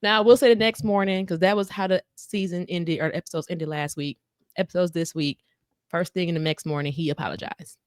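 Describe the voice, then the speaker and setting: Animated storytelling woman, dry close voice. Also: on the low side, brisk, no echo. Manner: animated storytelling, acts out voices of people she quotes. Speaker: podcast co-host. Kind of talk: casual chat recapping a reality show.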